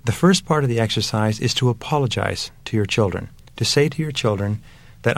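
A man's voice: lowish voice, expressive, a little fast, vocal fry, dry recording. A man giving earnest, emphatic parenting advice in a motivational talk, building his points through repeated phrases. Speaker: parenting speaker.

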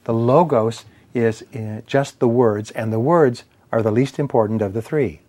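Male speaker, motivational lecture, measured emphatic delivery, mid-range voice. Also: medium pitch, dark tone. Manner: measured, emphatic, lists points in cadence. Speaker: speaker on persuasion and sales.

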